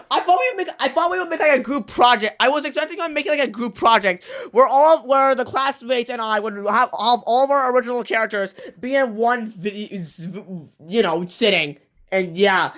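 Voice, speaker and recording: A young channel creator in their late teens giving a casual update, rambling in rushed bursts with many restarts and self-corrections. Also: medium pitch, a bit bright. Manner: breathless rush, trailing off with fillers. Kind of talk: casual rambling vlog talk.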